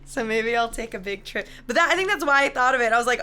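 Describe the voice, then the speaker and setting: A young woman streamer chatting casually with her live chat, rambling and animated, laughing often and reading messages aloud. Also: fairly high pitch, quick pace, hardly any pauses. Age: young adult.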